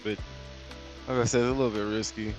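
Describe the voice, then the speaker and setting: A man's voice: medium pitch, flat delivery, fast, muffled recording, over music. A young man hosting a casual trading livestream, joking loosely and swearing as he talks. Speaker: livestream host and trader.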